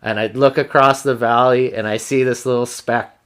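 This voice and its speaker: A man hosting a podcast, telling a hunting story in a casual, animated, profane way. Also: mid-range voice, normal speed, smooth. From Canada. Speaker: podcast host.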